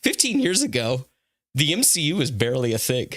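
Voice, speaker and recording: Bright-voiced man chatting casually. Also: mid-range voice, very animated, a little fast. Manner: rambling, stammers and laughs easily. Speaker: podcast co-host. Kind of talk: casual chat.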